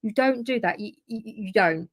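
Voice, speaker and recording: A woman from the United Kingdom co-hosts a casual history podcast, presenting the topic by talking through her notes in a chatty, informal way and often correcting herself. Her voice is medium in pitch with a moderate pace.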